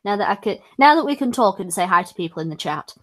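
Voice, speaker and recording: A woman's voice: medium pitch, expressive, fast talker. A woman co-hosting a casual stream chat, rambling, swearing freely and giggling often. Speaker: stream co-host.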